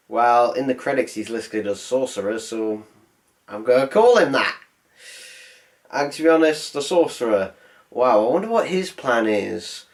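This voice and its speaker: A man voicing a sarcastic, rambling film review. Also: medium pitch. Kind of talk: comedic film review voice-over.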